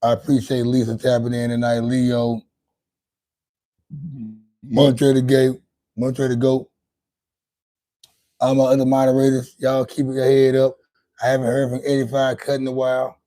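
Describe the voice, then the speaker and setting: A man's voice: mid-range voice, monotone, a little slow, long pauses, mellow. A man hosting his own livestream, talking loosely and profanely to his chat, rambling with lots of restarts. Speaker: livestream host. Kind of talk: casual livestream monologue.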